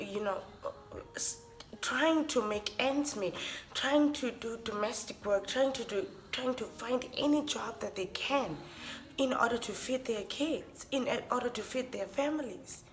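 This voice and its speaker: A young woman, ranting with feeling in a vlog, often restarting and repeating her phrases. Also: a little high. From Namibia. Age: young adult. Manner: impassioned, repetitive, restarts phrases. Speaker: vlogger. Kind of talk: emotional rant to camera. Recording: music playing under the voice.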